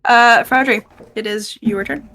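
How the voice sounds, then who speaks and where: A woman running a tabletop game as game master, pausing to check her notes as she talks. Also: fairly high pitch, steady tone, bright, forceful tone. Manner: stop-start, checking notes aloud.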